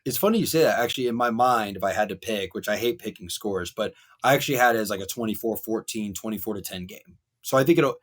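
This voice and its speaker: A young man co-hosting a sports podcast, ranting at length with animated wrestling and pop-culture riffs. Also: fairly low pitch, fast, hardly any pauses. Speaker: podcast co-host.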